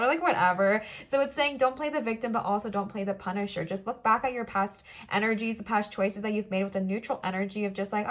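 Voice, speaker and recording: A woman's voice: a little high, quick pace, few pauses, a bit bright. Playful chatty woman reading tarot. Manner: chatty, playful, reassuring, acts out little quoted voices. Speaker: tarot reader. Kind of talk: pick-a-card tarot reading.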